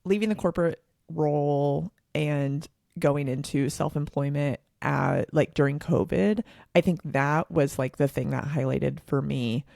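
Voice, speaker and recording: A woman's voice: low voice, unhurried, creaky, darkish tone, no echo, clean studio sound. A woman, co-hosting a podcast in a casual, sarcastic, laughing way. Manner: sarcastic, laughing, filler-heavy. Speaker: podcast co-host.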